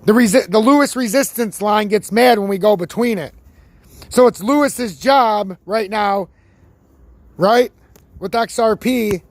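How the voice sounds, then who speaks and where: A man's voice: high-pitched, measured pace, no room sound. A man hosting his own crypto chart channel, ranting with plenty of swearing and sports comparisons, his voice worn out. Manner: ranting, swears freely, animated sports analogies. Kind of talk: casual profane market commentary.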